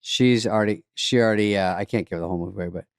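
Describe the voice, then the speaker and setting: A man's voice: lowish voice, racing, clear, resonant tone, no echo, studio quality. A man co-hosting a podcast, trading sarcastic, rambling comic riffs in casual chat. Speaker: podcast co-host.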